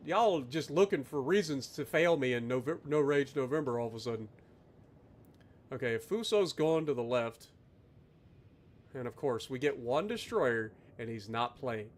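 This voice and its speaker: A man streaming live gameplay, ranting loudly and sarcastically at his teammates between calm play-by-play commentary. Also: mid-range voice. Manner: loud, exasperated ranting with sarcastic asides.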